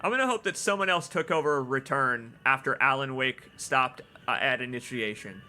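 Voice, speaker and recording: A man casually commenting on a video game as he plays. He reads the in-game notes aloud and bursts into loud, exclaiming laughs at the jokes. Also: mid-range voice, normal speed. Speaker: streamer playing a video game. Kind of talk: casual let's-play commentary.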